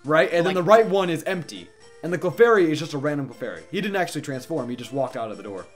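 A man from Chicago hosting a casual gaming commentary, playful and quick to laugh. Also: on the high side, animated, faint music behind. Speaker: host.

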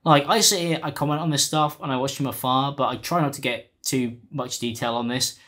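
A man's voice: mid-range voice, fairly even intonation, a little fast, a bit bright. A man giving blunt, exasperated commentary and swearing casually. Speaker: commentary YouTuber.

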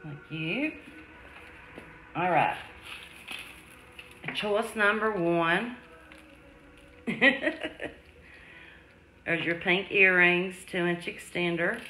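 A woman hosting a live jewelry sale, chatting warmly with viewers and calling them sweetie, love and darling. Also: fairly low pitch, takes it slowly, long pauses, slight background noise. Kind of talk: live-stream selling chat. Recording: echoey room.

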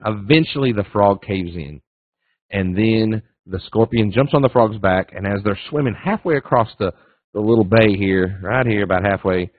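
Speaking at normal speed in a lowish voice, this man teaches trading as a webinar guest in a casual, folksy way. He acts out little voices in his stories and repeats phrases, all over a dry, tinny, phone-like line with no room sound.

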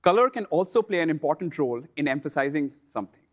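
Man, somewhat high voice, scripted instructional narration, measured and explanatory. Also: expressive. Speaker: seller education presenter.

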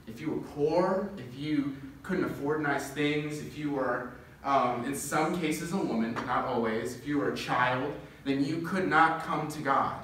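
A young man preaching a sermon, telling a parable with quick laughs and building to impassioned lists. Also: a little high, fairly bright tone, slight background noise. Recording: echoey room, distant mic.

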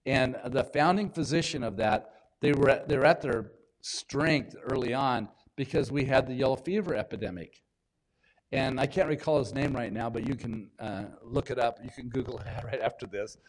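A man, a pastor, giving a sermon in a conversational, unhurried way, with pauses and small restarts. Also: mid-range voice. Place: church in Washington State.

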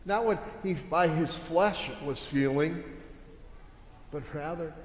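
A man's voice: a little high, slow, a little hiss or hum. A male pastor giving a sermon in a conversational, emphatic way, asking his listeners rhetorical questions. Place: church sanctuary. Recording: echoey church with long reverb.

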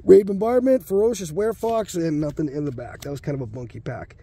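Gravelly, husky and mellow, his high-leaning voice moves a little fast. The ailing card-opening host breathes hard and runs short of breath in his home basement, muttering and rambling crudely through casual pack-opening talk.

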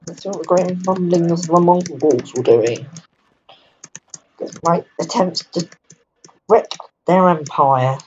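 A man's voice: a little high, slow, pauses often, a little mellow, a little hiss or hum. Mumbling gamer guy, lo-fi mic. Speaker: gamer playing a strategy game. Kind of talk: casual gameplay commentary.

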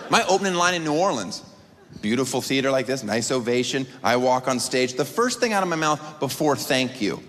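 A man in his thirties doing a stand-up set, sarcastic and incredulous, jumping in pitch as he mocks people. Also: expressive, fairly quick, a bit bright. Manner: sarcastic, incredulous, with sudden pitch jumps into mock voices. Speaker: stand-up comedian. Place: large theater stage before a live audience. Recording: long theater reverb, audience noise.

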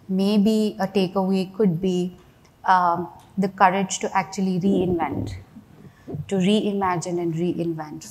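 A woman's voice: lowish voice, darkish tone. A middle-aged woman giving a keynote speech in a conversational, storytelling way, often saying "you know" and "right?". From India. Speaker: keynote speaker, CEO.

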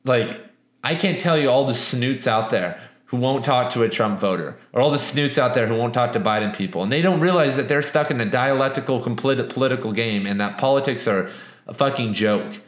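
Young guy, casual reviewer, swears a lot, restless rambling delivery, mid-pitched voice, roomy echo. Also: a little fast. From US West Coast. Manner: animated, profane, rambling with restarts. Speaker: book reviewer. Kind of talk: casual book review and storytelling. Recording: echoey room.

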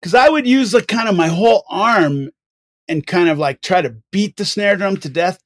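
An older man, a guest on a podcast, telling rambling, animated stories with many restarts. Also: high voice, normal speed, no echo, studio quality. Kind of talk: casual interview storytelling.

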